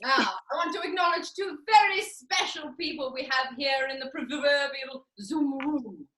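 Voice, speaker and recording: Casting: woman doing a high, bright-voiced, pompous grande dame, swooping and theatrical, echoey video call. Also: moderate pace. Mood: grand. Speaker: host of a live online master class. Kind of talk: comic character performance.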